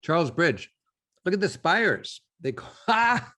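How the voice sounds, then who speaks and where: A man hosts a travel show, talking straight to the camera in a loose, eager way. His voice has a slightly husky edge, and he circles back to hammer home his points. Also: fairly high pitch, very animated, unhurried, pushed and bright. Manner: enthusiastic, chatty, repeats for emphasis. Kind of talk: casual on-location talk to camera.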